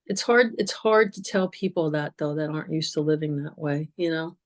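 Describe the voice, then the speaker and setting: A woman speaking as a guest and cancer survivor, telling stories in a casual, animated way that often repeats words and breaks into laughter. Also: deep voice, normal speed. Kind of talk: casual conversational storytelling.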